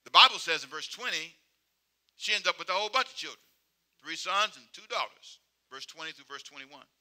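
A man preaching a sermon, with emphatic, repetitive call-and-response phrasing that swings between loud exhortation and quiet asides. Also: fairly high pitch, animated, fairly quick.

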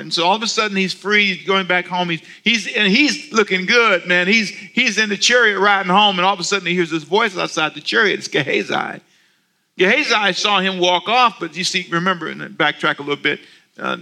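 A man preaching on the radio, telling a story with animated delivery and emphatic, repeated phrases. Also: high-pitched. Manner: animated storytelling with acted-out asides. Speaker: pastor. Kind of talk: radio sermon.

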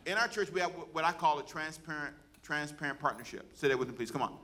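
Preaching a sermon at a quick pace with few pauses, a man whose voice sits on the high side leads his congregation in call-and-response. His exhortation grows loud and rising as they repeat his words.

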